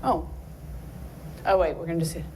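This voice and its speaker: A woman's voice: fairly low pitch, normal speed, noisy background. Chatty woman in her sixties lecturing. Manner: chatty, rambling, many fillers. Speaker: guest speaker. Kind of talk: casual lecture talk.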